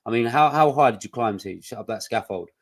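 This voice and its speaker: A man talks at a quick clip in a loose, casual podcast chat. He swears freely and tells stories with animated energy. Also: medium pitch. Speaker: podcast co-host.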